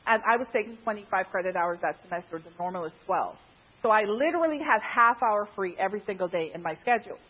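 A woman's voice: quick pace, breathy edge. A woman from Guyana casually telling a personal story in a chatty way, laughing often, on a dull lo-fi recording. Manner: chatty, laughs often, animated pitch jumps.

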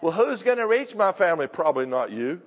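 A man's voice: high-pitched, very animated, fast. An older man preaching a sermon in a punchy, confrontational style, pressing the congregation with questions. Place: church sanctuary. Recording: dull sound with long hall reverb.

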